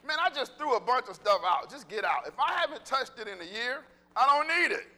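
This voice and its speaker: High bright man preaching with laughs. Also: very animated, brisk. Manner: preaches conversationally, laughing at his own jokes. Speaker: pastor. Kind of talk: lively humorous sermon. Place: church sanctuary. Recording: long reverb of a church hall.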